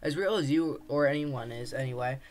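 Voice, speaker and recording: A man reading aloud, voicing a friendly male rattlesnake that grants wishes, in a calm, matter-of-fact way of explaining things. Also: medium pitch, fairly quick, close to an everyday voice.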